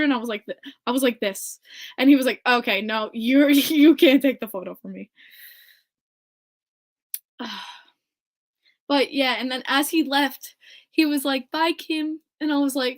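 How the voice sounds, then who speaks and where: A woman's voice: high-pitched, a little slow, pauses often. Giggly, gushing woman podcaster. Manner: gushing, excitable, laughs often. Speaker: podcast host. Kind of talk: casual solo podcast chat.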